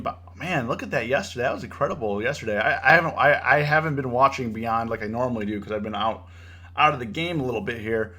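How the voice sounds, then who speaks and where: A young man hosting a trading livestream is a fast talker with a medium-pitched voice. Casual at first, he gets worked up and preachy while lecturing, repeating points and using "bro" and "you know" a lot.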